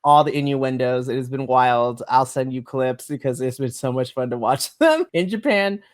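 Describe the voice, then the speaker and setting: A podcast co-host giving a casual, animated wrestling review, laughing often and trailing off mid-sentence. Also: medium pitch, moderate pace.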